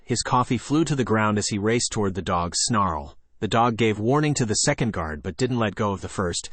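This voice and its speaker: Male audiobook narrator, low-pitched, dry close recording, steady story reading. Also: brisk, hardly any pauses, no room sound. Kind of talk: scripted narration.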